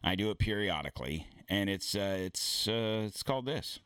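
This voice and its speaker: A man's voice: lowish voice, lively intonation, normal speed, a bit bright, clear, resonant tone. A man hosting his own show, ranting in a rambling, blunt and profane way with many false starts. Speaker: podcast host. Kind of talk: casual ranting monologue.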